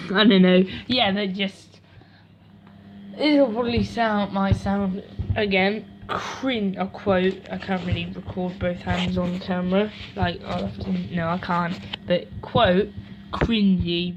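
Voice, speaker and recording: A woman's voice: medium pitch, flat delivery, unhurried, noisy background. A woman vlogging casually at home beside a washing machine, rambling and correcting herself as she goes. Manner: rambling, self-correcting, chatty asides. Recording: dull lo-fi home recording.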